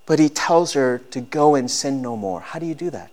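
A man's voice: medium pitch, lively intonation, normal speed, darkish tone. A man in his thirties preaching a sermon as a pastor, earnest and rising to emphatic peaks.

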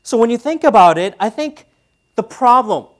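Man in his thirties, pastor delivering a relaxed, chatty sermon with questions to the room. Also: very high-pitched, moderate pace. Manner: conversational, asks the audience questions.

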